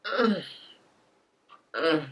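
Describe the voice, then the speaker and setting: A woman's voice: animated, extremely slow, fairly bright tone. A woman recapping a reality show in a casual, profane rant, acting out the cast members' lines. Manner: sassy, profane, acts out cast members' quotes in higher voices.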